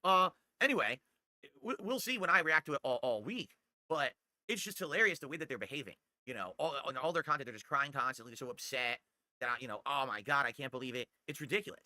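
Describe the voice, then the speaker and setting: Speaking quickly in a slightly high, animated voice with a bright, forceful tone, a man hosts his livestream from home. He rants brashly and boasts into a desktop condenser mic in a casual podcast-style monologue, and the recording has no room sound.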